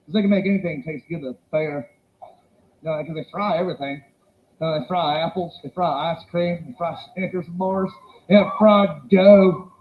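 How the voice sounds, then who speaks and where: A male stand-up comedian telling animated stories and slipping into put-on voices. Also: on the high side, brisk, phone-quality sound, slight background noise.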